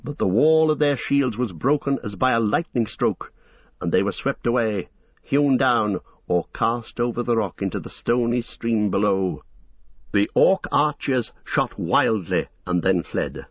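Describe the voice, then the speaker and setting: A man narrating an epic fantasy audiobook in a measured, dramatic storytelling manner. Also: mid-range voice, animated, slightly rough, no room sound, dull audio.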